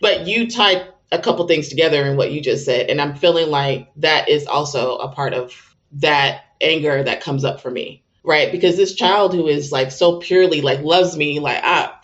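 A woman's voice: sits low, normal speed, lo-fi sound. A woman speaking as a guest and parenting coach, candid and emotional, who acts out her own exasperated outbursts. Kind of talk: candid conversational interview.

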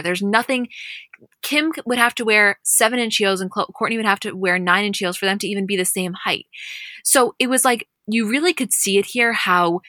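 A woman co-hosting a podcast, chatting casually and retelling scenes in an animated, storytelling way. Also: medium pitch, no echo, studio quality. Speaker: podcast co-host. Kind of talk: casual recap chat.

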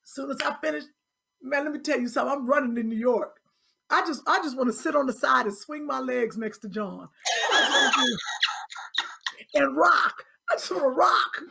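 Woman guest, high gravelly voice, loud teasing banter. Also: expressive, fairly quick, a little hiss or hum. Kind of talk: casual chat.

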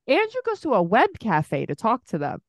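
A woman's voice: on the high side, wildly swooping pitch, no room sound, studio quality. A woman co-hosting a podcast, reacting bluntly and with disbelief in casual chat about a reality show. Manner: blunt, incredulous, quick to laugh. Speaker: podcast co-host.

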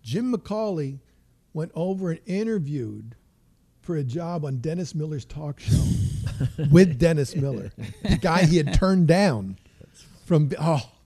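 An older comedian chatting as a guest, rambling through stories and repeating words as he goes. His voice is husky and sits somewhat high for a man. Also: expressive, slow pace, mellow. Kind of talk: casual storytelling chat.

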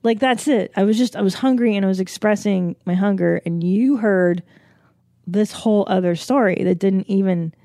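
A woman's voice: medium pitch, moderate pace, dark tone, no echo, studio quality. A woman hosting a podcast in a casual monologue, rambling, swearing freely and laughing often. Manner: rambling, frank and profane, with frequent laughs and fillers. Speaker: podcast host.

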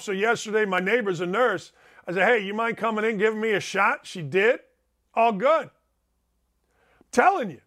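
High-pitched ranting male talk host. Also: a bit bright. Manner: emphatic, digressive, sarcastic. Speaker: sports talk show host. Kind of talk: ranting sports talk monologue. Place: home studio.

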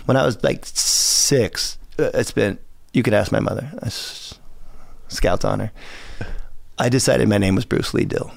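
A man's voice: lowish voice, a little slow, vocal fry, no room sound. A man from Southern California, a podcast guest telling long, profane stories that ramble and often break into laughter. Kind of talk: casual storytelling.

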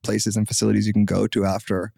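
Young guy rambling on a podcast, low gravelly voice, says like a lot, dry close sound. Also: quick pace, no room sound. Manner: rambling, heavy use of "like", animated when quoting people. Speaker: podcast guest. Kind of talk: casual chat.

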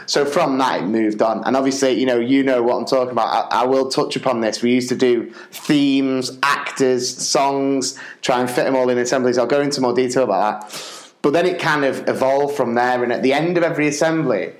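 A man who is a primary school teacher and podcast host, telling lively anecdotes and acting out voices. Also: mid-range voice, a little fast, few pauses. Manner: lively storyteller, acts out voices. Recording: roomy echo.

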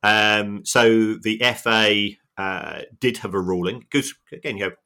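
A middle-aged man co-hosting a podcast, talking in an earnest, reflective and halting way. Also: fairly low pitch, steady tone, bright, forceful tone. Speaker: podcast co-host. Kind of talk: casual podcast chat.

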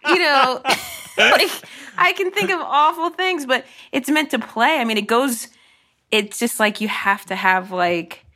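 A woman comedian guesting on a podcast, frank and quick to laugh in casual chat. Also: sits high, sharp tone.

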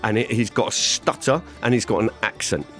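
A man telling a long comic anecdote to a panel, rambling and animated, acting out other people's voices. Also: on the low side, a little fast, faint music behind. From England. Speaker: comedian storyteller.

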